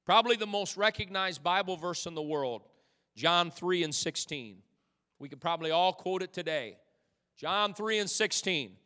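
A man preaching a sermon to a congregation, moving from hushed, drawn-out phrases to loud, fervent preaching and filling his pauses with "uh". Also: high-pitched, lively intonation. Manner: fills pauses with "uh". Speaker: pastor. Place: church. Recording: long hall reverb.

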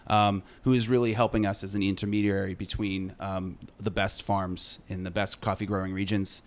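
A man guest on a podcast, talking casually and upbeat, joking with puns and giving a quick product pitch. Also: flat delivery. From San Diego. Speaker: brand ambassador guest.

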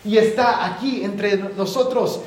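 A pastor putting on the breezy, higher-pitched voices of male churchgoers who excuse a rich sinner in their midst, in English and Spanish. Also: normal speed, close to an everyday voice. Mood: mocking.

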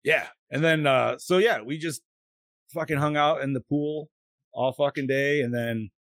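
A man's voice: on the high side, unhurried, dry recording. A man in his late thirties hosting a podcast, telling stories in casual chat, swearing often and acting out quotes. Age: 30s. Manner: profane, animated storytelling with acted-out quotes. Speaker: podcast host.

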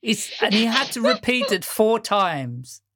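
Speaking slowly and very animatedly, this podcast host has a fairly high, slightly bright voice with a breathy edge. She's a middle-aged woman from the Netherlands whose first language is Dutch, chatting through a casual interview, telling stories, laughing a lot and starting sentences over. The audio is studio quality with no room sound.

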